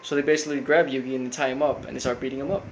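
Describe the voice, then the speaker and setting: A man casually recapping a cartoon episode, rambling with lots of fillers and flat quoted lines. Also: medium pitch, very fast, background noise. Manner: rambling, full of fillers, quotes characters flatly. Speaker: recap host.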